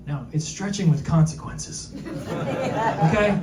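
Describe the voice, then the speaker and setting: A male stand-up comedian doing a self-deprecating set, tossing quick asides to the crowd. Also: high-pitched, animated. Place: comedy club with live audience. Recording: echoey club, distant mic, crowd noise.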